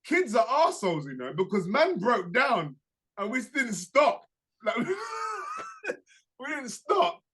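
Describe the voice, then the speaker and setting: Animated young man, bright voice. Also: high voice, unhurried, breathy edge. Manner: animated storytelling, slangy, laughs through anecdotes. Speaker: podcast co-host. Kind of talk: casual chat.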